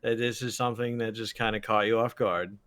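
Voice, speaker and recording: A man co-hosting a podcast over a video call, chatting casually with deadpan, crude jokes. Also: lowish voice, fairly quick, dry recording. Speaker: podcast co-host. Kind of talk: casual chat.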